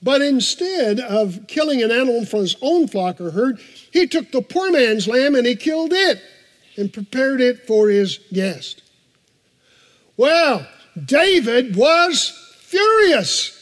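High-voiced preacher in a reverberant church. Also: male voice, lively intonation, a little slow. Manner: earnest, emphatic preaching with repetitions and conversational asides. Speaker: pastor. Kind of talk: sermon. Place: church sanctuary. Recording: long reverb of a large church hall.

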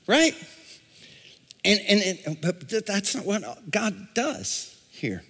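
A male pastor preaching a sermon, calling out to the congregation and swinging from shouts to a near-whisper. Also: high voice, big pitch swings, slow pace, slightly rough. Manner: call-and-response preaching. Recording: long reverb in a large hall.

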